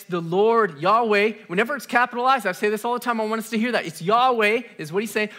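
A man pastor delivering a live sermon in church. His voice sits high and rings bright. He preaches with energy and repeats his main points for emphasis. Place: church service with congregation.

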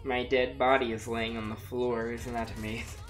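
A woman's voice, bass-deep with little pitch movement, comes at normal speed over faint background music as she livestreams gameplay. She is sick with a dry throat but chats casually, giggly and self-mocking, with frequent laughs and exclamations.

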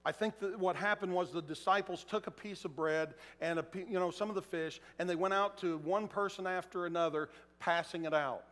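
A man's voice: sits high, steady tone, fairly quick, few pauses, a bit bright. A man preaching a sermon in a large church auditorium, talking conversationally and acting out quotes. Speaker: pastor. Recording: echoey hall.

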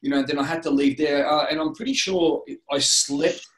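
A man's voice: fairly high pitch, fairly even intonation, normal speed, a bit bright. A middle-aged Australian man telling his life story as an interview guest, earnest and rambling, with many restarts. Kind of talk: candid personal storytelling. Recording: roomy echo.

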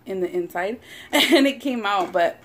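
A woman's voice: mid-range voice, animated, a little slow, slight background noise. A young woman vlogger and mother who chats casually and swears a lot while eating on camera. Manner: chatty, swears a lot, rambling. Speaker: mukbang vlogger. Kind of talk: casual eating-show chat.

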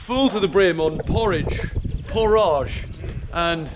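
A man's voice: on the high side, moderate pace, muffled recording, heavy background noise. A young man from England vlogging a long all-night charity walk outdoors, tired and self-mocking, chatting into a handheld camera. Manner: tired, self-mocking, laughing between remarks. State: weary from walking all night. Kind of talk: casual walking vlog. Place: outdoors on a coastal route.

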